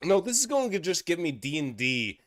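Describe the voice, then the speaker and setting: A man's voice: fairly high pitch, big pitch swings, fairly quick, dry recording. A young man hosting a casual stream, reading posts aloud and reacting with frequent laughter.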